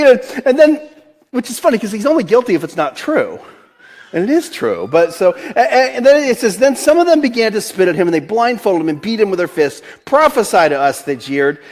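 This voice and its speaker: A man in his forties with a Delaware accent, a pastor giving a casual, conversational sermon, laughing often and restarting his sentences. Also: high voice. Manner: chatty, laughs often, many restarts and fillers.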